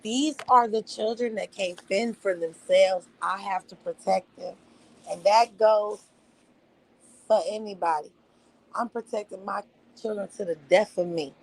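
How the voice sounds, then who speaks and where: On her livestream, a middle-aged woman vents with heat and profanity, saying phrases again and again for emphasis. Her medium-pitched voice comes at a measured pace, and the recording is low quality.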